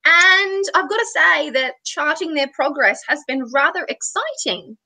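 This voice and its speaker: A woman co-hosting a casual podcast, telling stories in an animated, self-mocking way. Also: sits high, a little slow. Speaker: podcast co-host. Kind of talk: casual chat.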